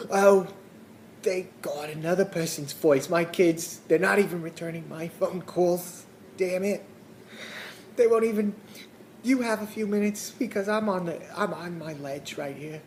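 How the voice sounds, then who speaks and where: A man's voice: sits high, unhurried, darkish tone, a little hiss or hum. A man voicing a lonely older parent with a Brooklyn or Long Island accent, complaining in a pathetic, pleading way. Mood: desperate complaining.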